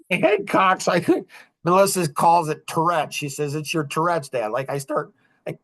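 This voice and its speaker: A man's voice: on the high side, animated, normal speed, fairly bright tone. A man in his fifties hosting a podcast, telling rambling stories in casual chat and chuckling often. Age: 50s. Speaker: podcast host.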